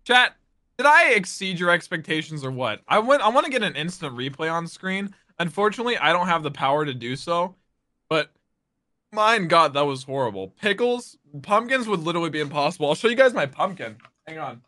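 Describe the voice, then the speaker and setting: A man's voice: a little high, sing-song, fairly quick, bright, forceful tone. A young man chatting casually on a stream, rambling goofily and addressing his chat. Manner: talks straight to chat, rambling and goofy.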